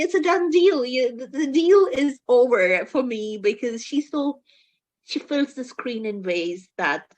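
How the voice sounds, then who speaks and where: A woman co-hosting a casual film review chat, talking emphatically and with exasperation, often stumbling and restarting her sentences. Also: medium pitch.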